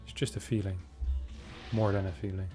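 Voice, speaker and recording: Joking low-voiced male game caster. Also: flat delivery, warm tone, faint music behind. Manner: chatty, joking, quick reactions. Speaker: esports caster. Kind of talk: casual game commentary.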